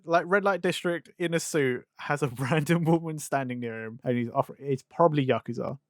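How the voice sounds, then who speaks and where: A young man from England co-hosting a podcast, telling an anecdote in a quick, wry casual way. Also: fairly high pitch, no room sound, clean studio sound. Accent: English. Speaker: podcast co-host. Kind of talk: casual storytelling.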